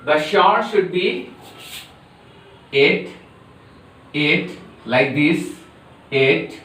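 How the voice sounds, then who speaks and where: A man with an Indian English accent and a fairly high voice runs a slow pronunciation drill, saying each word over and over with great care. He sounds far from the mic, in a very echoey room. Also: a bit bright. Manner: slow and deliberate, repeating each word many times. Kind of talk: classroom pronunciation lesson. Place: classroom or coaching centre.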